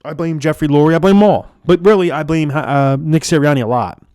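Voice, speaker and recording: A man's voice: on the high side, a little fast, darkish tone, clear, resonant tone, dry recording, studio quality. A man giving a frustrated, profane, rambling rant as a sports fan vlogger. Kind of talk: ranting fan commentary.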